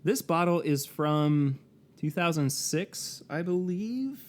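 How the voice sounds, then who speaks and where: A slightly high-pitched man speaks slowly and expressively as co-host of a casual podcast. His delivery of facts is chatty, full of fillers and laughs.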